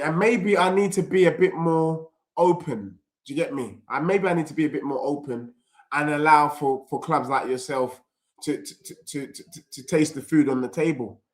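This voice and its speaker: A young man hosts a live football watchalong, talking in excitable slang and reading out chat messages. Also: a little high. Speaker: football streamer.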